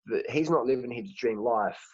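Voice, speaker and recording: A man's voice: medium pitch, normal speed, darkish tone, husky, no echo. A man hosting a casual chat, talking frankly and rambling with frequent restarts. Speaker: host. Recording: dry, dull lo-fi sound.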